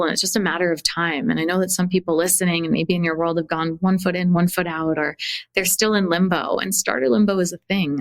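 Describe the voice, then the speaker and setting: Animated young woman telling her story. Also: on the low side, no echo. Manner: animated storytelling, acting out quoted dialogue, frequent "like" and swearing. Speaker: podcast host and coach. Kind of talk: candid podcast conversation.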